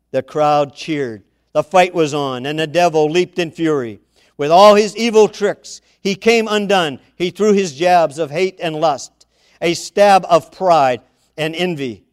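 A man's voice: a little high, no room sound, clean studio sound. A man preaching, reciting a dramatic sermon poem with a rhythmic, theatrical delivery.

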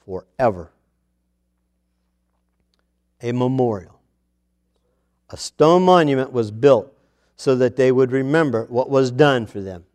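A male pastor preaching a morning sermon, reading scripture aloud with emphasis and swinging between loud declarations and hushed asides. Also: medium pitch, lively intonation, a little slow.

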